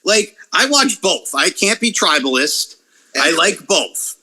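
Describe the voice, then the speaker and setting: A man's voice: sits high, slow pace, breathy edge. A man talking in a casual podcast chat, ranting and swearing freely about online critics. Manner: profane, animated, ranting. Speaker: wrestling YouTuber guest.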